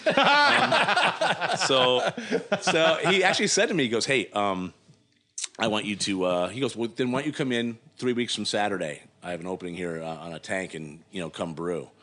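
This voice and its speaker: Middle-aged guy with a real low voice, rambling along w lots of um and you know, podcast guest. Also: lively intonation, normal speed, pushed and bright. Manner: rambling, many fillers, acts out quotes. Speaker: guest brewer. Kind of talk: casual storytelling interview.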